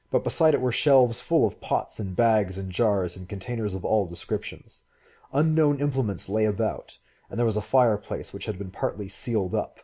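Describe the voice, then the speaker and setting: A man reading a science fiction story aloud in a measured, even way. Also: fairly low pitch, breathy edge. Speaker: audiobook reader. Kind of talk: scripted narration.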